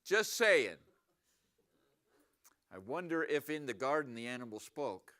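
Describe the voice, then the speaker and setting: Speaking a little slowly in a mid-range voice, a male pastor delivers a sermon in the church sanctuary. His manner is animated, and he often puts questions to the congregation.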